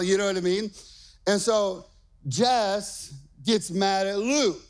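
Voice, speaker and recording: A young adult male pastor preaching a sermon from a church stage. He tells family stories in an animated way and keeps checking in with "okay?". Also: sits high, a little slow, smooth. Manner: animated storytelling with frequent "okay?" asides.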